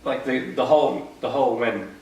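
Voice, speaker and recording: A man's voice: mid-range voice, fairly quick, creaky, darkish tone. A man with an Australian accent, co-hosting a casual podcast chat and rambling with lots of likes and restarts. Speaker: podcast co-host. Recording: roomy echo, distant mic.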